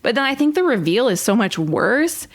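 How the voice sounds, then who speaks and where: A woman's voice: a little high, big pitch swings, normal speed. Enthusiastic woman podcast co-host. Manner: enthusiastic, acts out characters' lines. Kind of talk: casual chat recapping a TV episode.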